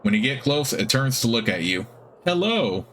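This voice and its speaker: A man hosting a let's play, reading game text aloud in a steady narration with casual asides. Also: mid-range voice, brisk.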